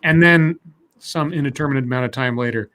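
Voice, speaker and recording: A tired man co-hosting a podcast, telling a story in a rambling way with many halting restarts. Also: medium pitch, a bit bright. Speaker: podcast co-host. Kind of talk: casual storytelling chat.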